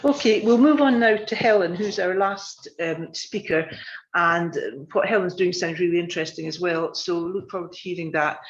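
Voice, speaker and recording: A man chairing an online meeting, thanking a speaker and introducing the next one in a friendly, unhurried way. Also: high-pitched, slight background noise. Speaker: session chair. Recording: dull muffled audio.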